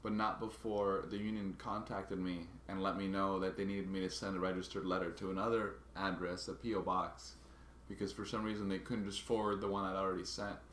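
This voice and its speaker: Low-voiced man, halting vlog storytelling. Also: flat delivery, fairly bright tone, echoey room, slight background noise. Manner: halting, restarts and repeats words while recounting a grievance. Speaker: vlogger.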